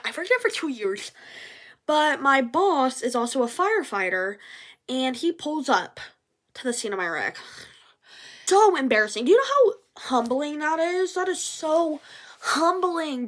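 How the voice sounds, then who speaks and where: A young adult woman telling a story in a casual vlog, animated, swearing and acting out what people said. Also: high voice, unhurried, pauses often. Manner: animated, swears, acts out quotes.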